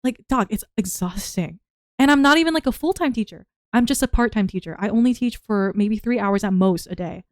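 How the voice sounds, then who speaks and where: A young woman, a part-time teacher, rants in a rambling, animated way, with her voice worn from shouting. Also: mid-range voice, a little fast, dry recording, studio quality. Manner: rambling, animated storytelling with acted-out quotes. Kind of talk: casual ranting vlog.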